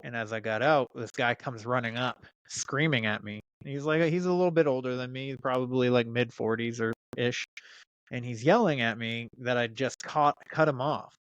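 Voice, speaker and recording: A man's voice: mid-range voice, normal speed, fairly bright tone, smooth, no echo, highs cut off. A man in his thirties telling a story in casual chat, swearing freely and restarting his sentences with many fillers. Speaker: podcast guest.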